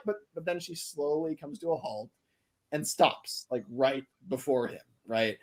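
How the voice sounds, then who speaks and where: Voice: medium pitch, moderate pace, a little mellow. A livestreamer telling a story casually, rambling and restarting often. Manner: rambling, many fillers and restarts. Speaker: streamer.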